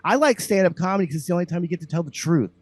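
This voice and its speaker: A man's voice: high-pitched, racing, no room sound. A man from Louisiana, a comedian hosting a podcast, ranting heatedly and profanely in casual talk.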